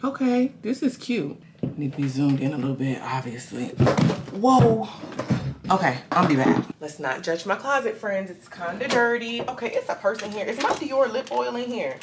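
A woman's voice: medium pitch, animated, normal speed, heavy background noise. Rambling woman vlogging in an echoey room. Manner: rambling, candid, lots of "y'all" and "like". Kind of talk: casual vlog talk. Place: home, indoors.

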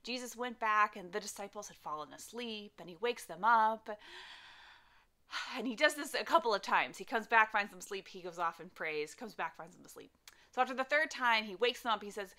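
Bright young woman telling kids a story. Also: medium pitch, moderate pace. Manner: animated, acts out the characters. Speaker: children's church teacher.

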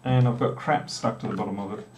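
Speaking fast in a lowish voice with fairly even intonation, this middle-aged South Australian programmer rambles through a live coding stream with joking asides. Heavy background noise runs under his Australian accent. The distant mic catches the echo of the small room with a door where he sits.

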